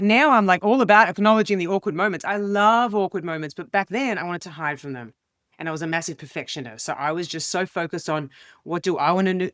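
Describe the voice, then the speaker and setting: A woman's voice: no room sound, clean studio sound. A woman, a comedian and speaker, telling stories in an interview and acting out the voices of the people she quotes. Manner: expressive, acts out quoted voices with big pitch jumps. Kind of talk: animated storytelling in an interview.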